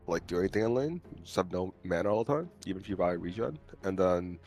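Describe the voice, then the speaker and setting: A man with a very low voice, calmly picking apart the hero matchups as co-caster. He sounds relaxed and is getting over a cold. Faint music sits underneath. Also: fast. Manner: laid-back, analytical. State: recovering from a cold. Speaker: guest co-caster. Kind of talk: casual game analysis.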